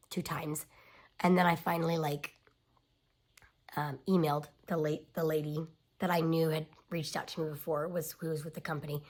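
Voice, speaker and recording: A woman in her thirties telling a personal family story in a confiding way, often dropping to a near-whisper. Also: sits low.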